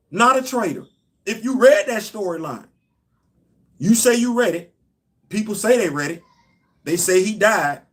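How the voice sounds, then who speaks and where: A man hosting a casual livestream, talking straight to viewers and hammering his points with repetition. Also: sits high. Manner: emphatic, repeats points, addresses viewers directly. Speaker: host.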